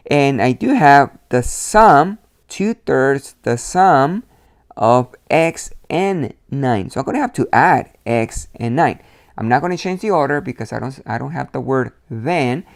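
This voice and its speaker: Male math teacher, slow deliberate pace, step-by-step explaining, dry close sound. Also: medium pitch, no room sound. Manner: slow step-by-step explaining, addresses students as "you guys". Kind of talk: recorded algebra lesson.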